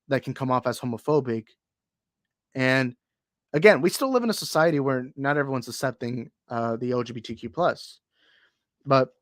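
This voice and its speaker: A man's voice: medium pitch, a bit bright, no echo, studio quality. A young man co-hosting a podcast in casual chat, rambling and heated, full of restarts. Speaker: podcast co-host.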